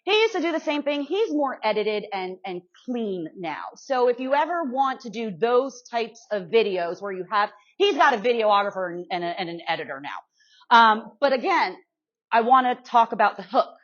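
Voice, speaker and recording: A woman's voice: fairly high pitch, sing-song, moderate pace, fairly bright tone. Chatty woman giving a live workshop demo. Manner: chatty, checks in with the audience constantly; self-deprecating humor. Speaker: guest speaker teaching social media to real estate pros. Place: meeting room before a live audience. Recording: muffled lo-fi sound.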